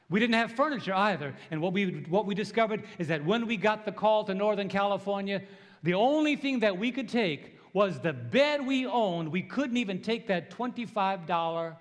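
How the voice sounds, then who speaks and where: A pastor in his sixties from New York, preaching a sermon with animated storytelling and call-and-response. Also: high-pitched, moderate pace. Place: church sanctuary. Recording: long church hall reverb.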